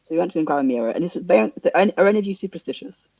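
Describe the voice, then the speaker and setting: A young Englishman tells a story to his podcast co-hosts and keeps breaking into the voices of the people in it, with sudden high jumps and laughter. His voice is mellow and a little husky. The sound is dry and dull. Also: very fast, dry recording. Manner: animated, acts out dialogue with big pitch jumps and laughter. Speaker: podcast co-host. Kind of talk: casual storytelling.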